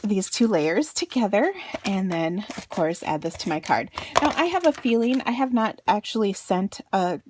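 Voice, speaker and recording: A chatty woman in her thirties talks through a card-making project. She tells a family mishap in a casual storytelling way, laughing often and breaking into little exclamations. Her voice sits at an ordinary middle pitch. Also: sing-song, moderate pace, hardly any pauses, background noise. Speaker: card-making crafter and blogger. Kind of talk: casual storytelling while crafting.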